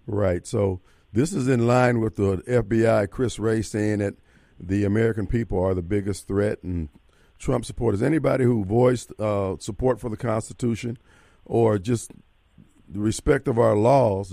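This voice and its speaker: Fiery talk radio host, gravelly. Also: male voice, lowish voice, fairly even intonation, moderate pace, dark tone, no room sound. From Mississippi. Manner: blunt, fiery, emphatic.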